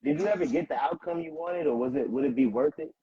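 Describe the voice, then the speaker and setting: A man's voice: a little high, quick pace, a little hiss or hum. A man co-hosting a casual chat, asking pointed questions and retelling stories with energy. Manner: probing questions, animated retelling. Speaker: podcast co-host. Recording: dull lo-fi sound.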